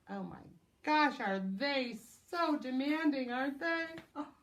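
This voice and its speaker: Animated, high-voiced preschool teacher. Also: female voice, unhurried. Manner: animated, exclaiming, sing-song. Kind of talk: reading a picture book aloud to children.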